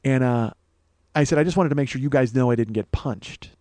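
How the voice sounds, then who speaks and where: A man's voice: medium pitch, brisk, mellow, no echo. Profane man telling comic stories, dry sound. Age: 40s. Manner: profane, acts out quoted dialogue. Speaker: comedian and podcast host. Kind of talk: casual storytelling monologue.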